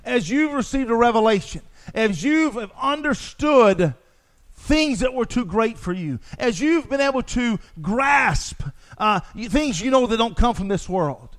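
High-voiced man preaching with fervor. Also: lively intonation, unhurried. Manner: impassioned, repeats phrases for emphasis. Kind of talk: sermon.

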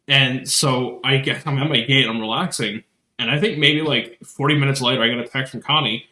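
A male podcast co-host in casual live chat, telling lively stories and swearing casually. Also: medium pitch, brisk, echoey room.

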